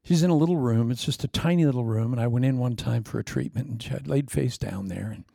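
A man preaching a sermon, telling stories with lively swings from shouts down to hushed whispers. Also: mid-range voice, quick pace, gravelly, dry recording, clean studio sound.

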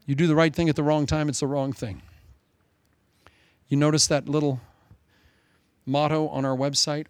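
A male pastor preaching a sermon with animated, dramatic storytelling. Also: mid-range voice, brisk, no echo.

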